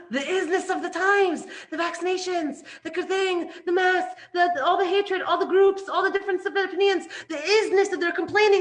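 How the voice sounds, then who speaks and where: A woman giving an animated spiritual lesson, emphatic and full of restarts, swinging between loud and hushed. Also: high voice, normal speed. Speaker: Torah teacher.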